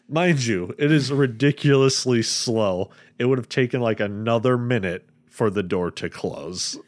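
A man who ran the tabletop game, chatting casually on a podcast with quick agreeing interjections and frequent laughs. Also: medium pitch. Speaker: game master, podcast co-host. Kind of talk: casual chat.

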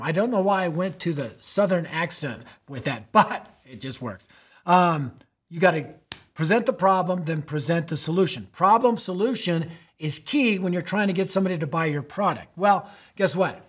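A man's voice: sits high, expressive, normal speed, slightly rough. A man hosting a youth ministry podcast, teaching emphatically in a preaching style, with rhetorical questions and frequent "right?".

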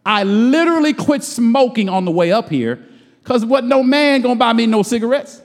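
A man's voice: very high-pitched, big pitch swings, normal speed, in a large hall. A middle-aged man preaching a sermon, folksy and colloquial, stretching words out for emphasis.

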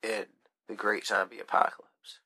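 A man's voice: lowish voice, level tone, normal speed, bright, forceful tone, husky, poor audio. A man in casual chat who teases his friend with short, joking interjections.

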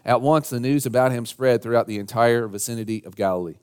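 A man preaching a sermon as pastor. He leads a prayer, then reads and retells scripture, rising to loud, emphatic lines when he quotes. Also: medium pitch, steady tone, fast talker, few pauses, clean tone.

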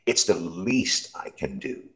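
A man's voice: low-pitched, expressive, slow pace, fairly bright tone, heavily acted, poor audio. A man reading aloud, voicing a kindly old male shopkeeper who is fretful and hopeful, with quavering, fussy exclamations. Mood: cheerful.

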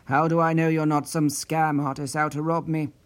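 A man's voice: on the high side, level tone, normal speed, natural voice. A man playing a prim, wary retiree. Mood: indignant. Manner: prim, indignant, formal. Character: wary older male retired office worker.

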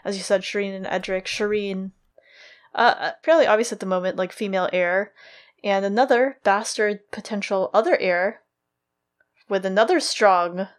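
A woman co-hosting a podcast who retells a story in chatty casual talk, full of fillers. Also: mid-range voice. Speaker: podcast co-host. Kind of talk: casual chat, retelling a chapter.

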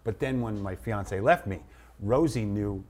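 A man in his sixties, a comedian guest telling stories in an animated way and acting out his bits. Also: on the low side, a little slow. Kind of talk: casual storytelling.

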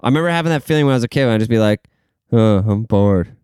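A man's voice: mid-range voice, rapid-fire, a little mellow, clean tone, dry recording, clean studio sound. A young man hosting a podcast, rambling and swearing through casual stories, laughing at himself and saying he is tired. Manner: rambling, profane, laughs at his own stories. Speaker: podcast host.

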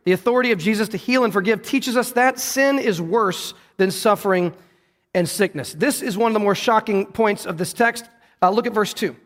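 A man's voice: high-pitched, normal speed, fairly bright tone, big-room sound. A man preaching a sermon, earnest and often repeating or correcting himself as he goes. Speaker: pastor.

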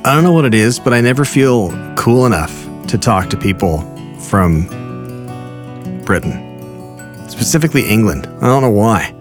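A man's voice: lowish voice, expressive, normal speed, long pauses. A man in his forties hosting a podcast, rambling and self-deprecating, cheering on his guest and reading an ad in casual chat, with music underneath. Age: 40s. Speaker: podcast host.

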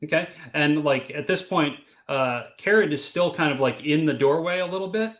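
A man's voice: a little high, moderate pace, fairly bright tone. A man narrating as game master in a tabletop role-playing session, casual and full of fillers.

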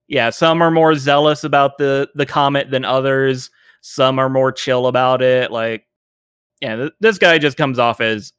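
A man running a tabletop role-playing game, narrating scenes with many pauses and filler words. His voice is smooth and resonant, recorded dry and close. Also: mid-range voice, a bit bright, dry recording. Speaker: game master.

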